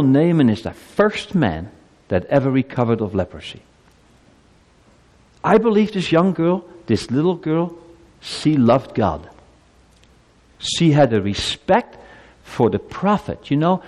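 A man's voice: a little high, big pitch swings, a little slow, a little mellow, big-room sound. A man giving a children's sermon, telling a story with animation and asking the children questions. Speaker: preacher.

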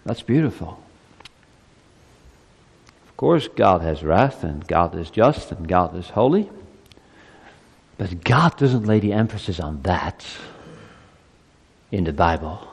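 A man in his fifties preaching a Christmas sermon to his congregation. His delivery swings between soft, quiet asides and loud, high climaxes. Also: big pitch swings, slow, long pauses, slightly rough, long reverb tail. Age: 50s. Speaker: pastor.

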